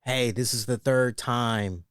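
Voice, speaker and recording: A man riffing through a casual wrestling review, animated and joking, often checking in with his listeners. His voice sits in a middle register. The recording is dry and close, with no room sound. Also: medium pitch, slow, clean tone, no room sound. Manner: animated and joking, often tags lines with "right?". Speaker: wrestling show host.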